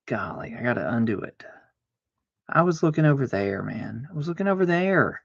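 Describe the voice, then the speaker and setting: A man streaming a card game, chatting casually to himself, arguing back and forth aloud with sudden excited exclamations. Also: mid-range voice, a little fast, vocal fry, breathy edge, no echo, muffled recording. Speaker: livestreamer playing solitaire. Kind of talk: casual self-talk while gaming.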